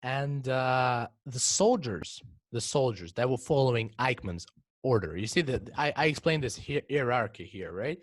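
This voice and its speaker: A teenage boy co-hosts a casual podcast chat, working through his explanations in halting bursts and repeating words as he goes. His voice sits at an ordinary pitch for a young man. The sound is close and dry, with no room around it. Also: lively intonation, no room sound. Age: teens. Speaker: podcast co-host.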